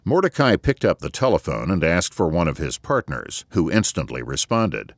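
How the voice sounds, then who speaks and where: A man narrating an audiobook in an expressive, measured storytelling manner, recorded on a close studio mic. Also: low voice, dry recording.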